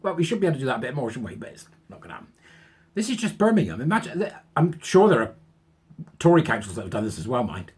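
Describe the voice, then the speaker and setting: A man's voice: medium pitch, rapid-fire, slightly rough. A man hosting his channel, giving a sarcastic, incredulous running commentary on a news story. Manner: animated, sarcastic, incredulous asides. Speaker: channel host.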